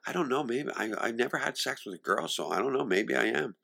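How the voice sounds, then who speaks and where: Animated middle-aged man telling stories. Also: medium pitch, fast talker, vocal fry. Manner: animated, laughs often, swings between loud and hushed. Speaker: interviewee. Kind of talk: candid storytelling in an interview.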